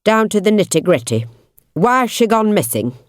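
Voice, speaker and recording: A woman voicing a creepy middle-aged male investigator with a blunt, gruff Yorkshire accent. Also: mid-range voice, sing-song, normal speed, no room sound, clean studio sound, voice pushed up, natural voice. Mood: blunt, menacing.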